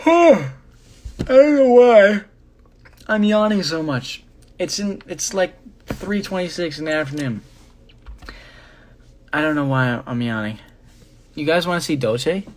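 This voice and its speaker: A man's voice: fairly high pitch, takes it slowly, long pauses, slight background noise. A young man chatting casually on a live stream, rambling with many fillers as he shows his jewelry. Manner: rambling, filler-heavy, relaxed.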